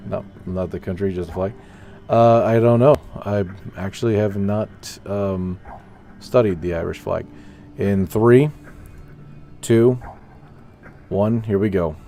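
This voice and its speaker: A man's voice: lowish voice, mellow. A young man giving casual, rambling gameplay commentary, talking to himself and chatting with his viewers. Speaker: gaming streamer.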